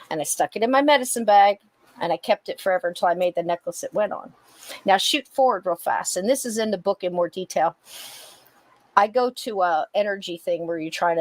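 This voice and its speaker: A woman hosting a podcast, telling a personal story in a lively way and acting out the dialogue. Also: lowish voice, dry recording. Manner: animated, acts out dialogue with laughs. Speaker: podcast host. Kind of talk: casual storytelling chat.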